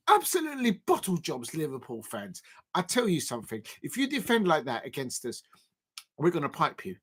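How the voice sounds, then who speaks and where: A man hosting a live football watch-along stream rants loosely and with exasperation at rival fans. His slightly rough voice moves fairly quickly and swings hugely in pitch, from low grumbles to high, shouted outbursts of disbelief.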